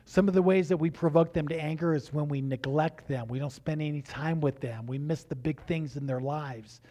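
A middle-aged man preaching as a pastor, telling family stories with halting restarts and acting out the dialogue. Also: fairly high pitch. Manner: animated, acts out dialogue in raised voices; halting restarts and repeated words. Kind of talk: storytelling sermon.

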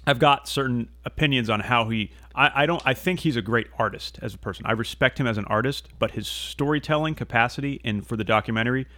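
A man's voice: mid-range voice, fast talker, hardly any pauses, bright, forceful tone, no room sound. A man co-hosting a podcast in a loose casual chat, laid-back, often saying "dude" and swearing. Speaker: podcast co-host.

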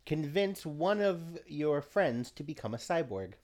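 A man running a tabletop role-playing game on a podcast, dry and deadpan, reading out rules and missions. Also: a little high, unhurried. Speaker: game master.

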